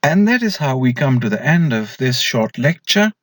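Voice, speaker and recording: A man's voice: medium pitch, very animated, moderate pace, no room sound. A man giving a recorded slide lecture as an English lecturer, posing questions to students and then answering them himself.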